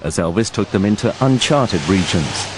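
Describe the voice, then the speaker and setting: A man reading scripted documentary narration in a measured, wry way. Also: fairly low pitch, expressive, background noise. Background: music.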